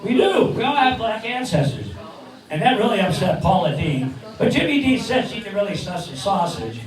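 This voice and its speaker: A man's voice: high-pitched, big pitch swings, normal speed. A man in his sixties from Cleveland doing stand-up comedy and a ventriloquist act, jokey with rambling punchlines. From Cleveland, Ohio. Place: neighborhood bar stage. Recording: echoey bar, distant mic, crowd.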